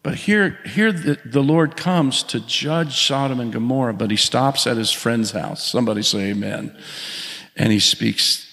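A man of middle pitch preaches a sermon with animated call-outs to his congregation. His voice carries a long reverb from a large church sanctuary. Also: unhurried. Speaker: pastor.

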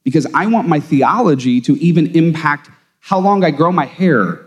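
A man's voice: on the high side, normal speed. A man who teaches theology, talking casually and emphatically, telling stories in a podcast conversation. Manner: animated, emphatic storyteller. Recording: long room reverb.

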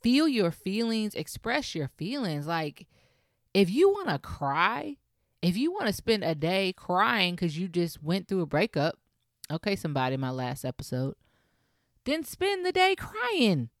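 Emphatic young woman, solo podcast host, low-pitched, dry close-miked delivery. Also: sing-song, measured pace, no echo. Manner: emphatic, encouraging, repeats advice to listeners. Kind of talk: casual solo podcast monologue.

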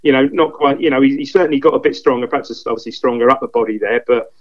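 Fast-talking man on a dull lo-fi line. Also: mid-range voice. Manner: rambling, repeats himself, quick enthusiastic recollection. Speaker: guest pundit. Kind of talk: casual football chat.

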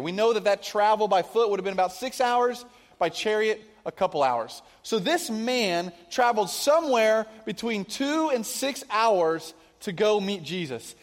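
A male pastor giving a conversational sermon, asking his congregation questions, in a church venue. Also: sits high. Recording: long hall reverb.

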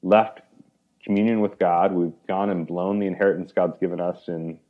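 A man's voice: low voice, moderate pace, lo-fi sound. A man talking as a guest in a conversational interview. He retells a parable with animation, acts out the lines of its characters and uses "like" often. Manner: animated storyteller, acts out quoted speech, many "like"s.

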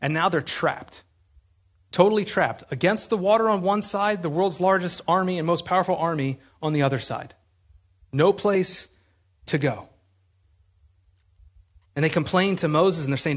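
A man delivering a sermon in a husky voice that sits fairly high for a man. He speaks conversationally and with emphasis, often doubling back to restart a phrase. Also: moderate pace, pauses often. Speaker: preacher.

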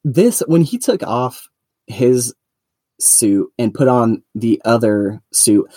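A man's voice: medium pitch, animated, takes it slowly, warm tone, no echo. A man co-hosting a podcast in casual chat, chatty, laughing often and acting out quotes from the show. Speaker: podcast co-host.

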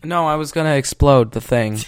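A man acting in an audio drama, teasing and deadpan in casual banter between takes. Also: fairly high pitch, a little fast, heavy background noise. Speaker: voice actor. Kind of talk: casual banter during recording outtakes.

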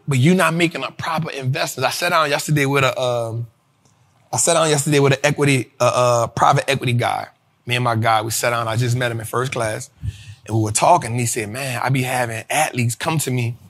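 A man hosting his own show, talking casually to viewers about money and investing, animated and profane, often laughing and addressing them as "y'all". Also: mid-range voice, quick pace. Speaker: show host.

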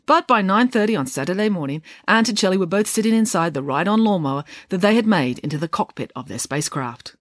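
A woman reading a children's bedtime story with playful, deadpan humour. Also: medium pitch, fast talker, few pauses, no room sound, clean studio sound.

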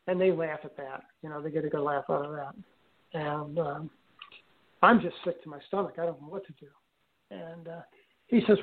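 An older man telling a personal story in an interview, speaking haltingly with frequent restarts and fillers. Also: fairly high pitch. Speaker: guest recounting an experience. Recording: tinny phone-line audio.

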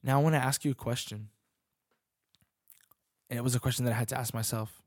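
A man's voice: medium pitch, fairly even intonation, a little fast, a little mellow, no echo, clean studio sound. A young man giving an earnest sermon as a youth pastor and worship leader, often restarting his sentences as he searches for words.

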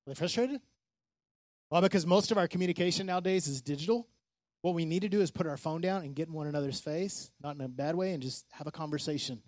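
A man preaching a casual, animated sermon as a pastor, acting out the people he quotes. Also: a little high, fast, dry recording.

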